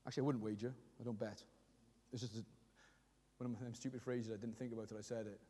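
A man's voice: medium pitch, level tone, fast, dark tone, breathy edge, in a large hall. A middle-aged man preaching a sermon, emotionally acting out prayers and speaking to the congregation. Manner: emotional, voicing prayers aloud with rising intensity. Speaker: pastor.

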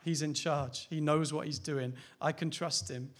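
A man's voice: fairly high pitch, fairly even intonation, measured pace. A man, a pastor, preaching a sermon in a candid, conversational way, asking rhetorical questions and laughing lightly now and then.

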